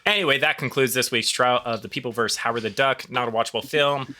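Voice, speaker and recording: A man's voice: medium pitch, fast, sharp tone. A man co-hosting a casual podcast, giving blunt verdicts on a bad movie and laughing often. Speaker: podcast co-host playing judge.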